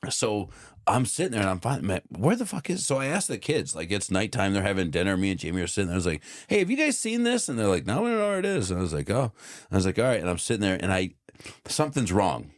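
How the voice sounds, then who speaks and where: A man in his thirties, co-hosting a podcast, telling a family story in casual chat with lively swearing. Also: low voice, fast, no echo, studio quality. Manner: animated storytelling, swears freely. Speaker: podcast co-host.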